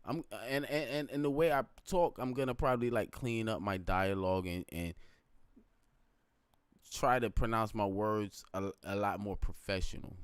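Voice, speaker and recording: Rambling low-voiced man, late-night stream. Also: fairly even intonation, moderate pace, clear, resonant tone, dry recording. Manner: rambling and reflective, repeats phrases, asks "you know what I'm saying". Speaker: live streamer. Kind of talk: late-night casual live stream monologue.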